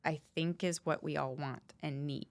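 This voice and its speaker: A woman's voice: low voice, steady tone, moderate pace, creaky. A woman guest on a podcast, talking candidly and bluntly, swearing freely and stressing her points. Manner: frank, swears freely, emphatic. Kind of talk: candid conversational talk.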